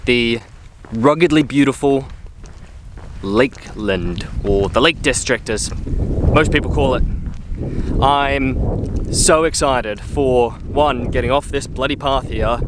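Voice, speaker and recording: On a coastal trail outdoors, a man films a casual travel vlog, talking slowly in a mid-range voice, upbeat and full of fillers. Background noise can be heard.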